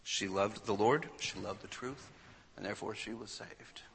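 A man preaching a sermon, retelling an old account with a dramatic delivery that swings from hushed to loud. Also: fairly low pitch, moderate pace, gravelly, long reverb tail, a little hiss or hum.

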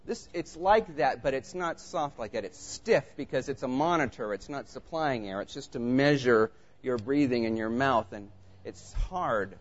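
A man preaching a sermon, telling a personal story in an animated, conversational way before turning to scripture. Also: mid-range voice, normal speed. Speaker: pastor. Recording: muffled lo-fi recording.

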